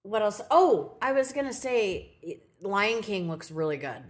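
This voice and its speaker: A young woman co-hosting a casual podcast, candid and quick to swear and laugh. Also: medium pitch, sing-song. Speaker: podcast co-host. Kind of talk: casual chat.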